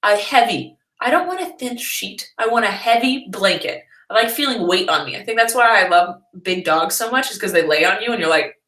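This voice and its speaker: A woman's voice: mid-range voice, expressive, brisk, hardly any pauses, sharp tone. A young woman vlogger chatting casually and playfully as she answers viewers' questions. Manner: chatty and playful, jokey asides. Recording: echoey room.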